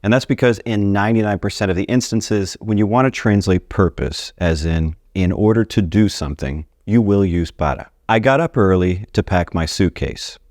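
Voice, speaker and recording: A man's voice: lowish voice, normal speed, hardly any pauses, darkish tone, no echo, clean studio sound. A man teaching a casual video lesson on Spanish grammar, chatty and friendly as he talks straight to his viewers. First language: English.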